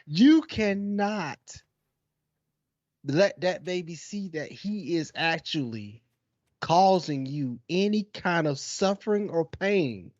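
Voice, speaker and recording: A man co-hosting a podcast, telling stories in a casual, animated way and acting out what others say. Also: a little high, takes it slowly, no echo, lo-fi sound. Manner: animated, exaggerated storytelling with acted-out quotes. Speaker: podcast co-host. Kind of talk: casual chat.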